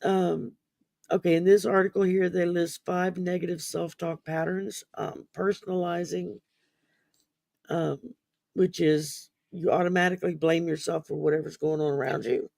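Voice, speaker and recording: A man with a fairly high, gravelly voice talks through a topic in a loose, rambling way, full of ums and restarts, and sounds sleepy. The recording is close and dry. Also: little pitch movement, moderate pace, darkish tone, no echo. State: sleepy, yawning. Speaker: podcast host. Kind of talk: casual mental wellness discussion.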